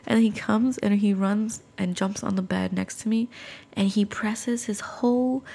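A woman's voice: medium pitch, fairly even intonation, a little slow, gravelly, warm tone, husky. A woman hosting a podcast, telling a spooky story in a chatty way, full of fillers and asides to the listeners. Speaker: podcast host.

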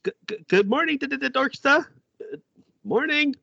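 A man's voice: medium pitch, expressive, moderate pace, breathy edge, dry recording. A man voicing a shy, flustered young woman who stammers over her words. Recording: dull lo-fi recording.

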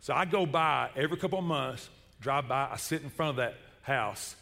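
A man's voice: medium pitch, normal speed, gravelly, long reverb tail. A middle-aged man, preaching a sermon and telling stories with comic energy. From Chattanooga, Tennessee. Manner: animated, comic storytelling. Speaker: pastor. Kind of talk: sermon with storytelling.

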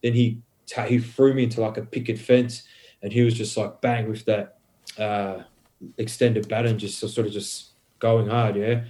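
A man's voice: lowish voice, moderate pace. Swearing man telling a story. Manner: swears heavily, rambling and animated; many fillers like "um" and "bro". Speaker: podcast guest. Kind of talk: casual storytelling.

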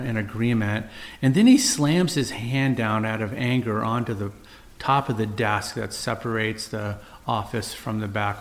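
Middle-aged male host, mid-range voice, earnest and measured as he tells a story. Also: mid-range voice, creaky. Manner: earnest, measured, with frequent uhs and restarts. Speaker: physician and podcast host. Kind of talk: personal storytelling monologue.

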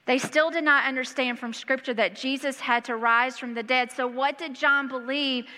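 Woman pastor, sermon in a large hall, high bright voice, long reverb. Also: moderate pace. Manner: reads scripture aloud and breaks in with lively asides. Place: church hall.

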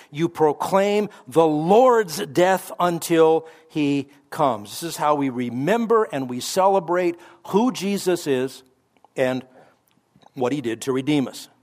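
A man teaching the Bible as a radio pastor, conversational with offhand asides and self-corrections, slowing down to stress the scripture he quotes. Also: on the high side.

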